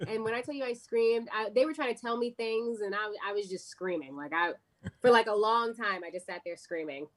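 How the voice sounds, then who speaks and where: A woman's voice: a little high, brisk. An American woman, a guest actress, telling stories in a casual interview and acting out the voices of the people in them. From United States. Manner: animated, acts out quoted voices of people in her stories.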